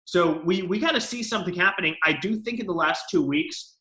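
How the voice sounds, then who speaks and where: A man's voice: high-pitched, fairly quick, bright, forceful tone, roomy sound, poor audio. A man co-hosting a political talk show, giving emphatic, lawyerly commentary.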